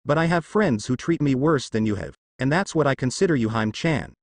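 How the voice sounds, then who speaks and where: A man's voice: mid-range voice, animated, fairly quick, no room sound. A man reading a story aloud and voicing a brash, cocky teenage ninja who talks bluntly and teases. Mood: earnest.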